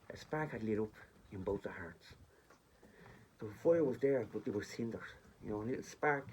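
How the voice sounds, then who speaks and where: A man's voice: mid-range voice, warm tone, lo-fi sound, a little hiss or hum. Rambling man telling a story. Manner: rambling, chatty, addresses listeners directly. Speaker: vlogger. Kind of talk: casual storytelling.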